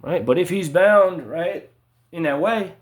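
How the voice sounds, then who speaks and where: A man delivering an agitated, repetitive monologue, ending his sentences with "right?" and swinging between loud emphasis and low mutters. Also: expressive, measured pace. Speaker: vlogger. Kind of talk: ranting monologue to camera.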